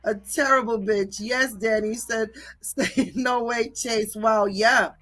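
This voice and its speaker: A woman's voice: on the high side, steady tone, takes it slowly, fairly bright tone. Profane, heated woman ranting on stream. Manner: profane, confrontational, repeats "okay?" and "bitch". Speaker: livestream host. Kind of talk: heated livestream rant reading viewer comments.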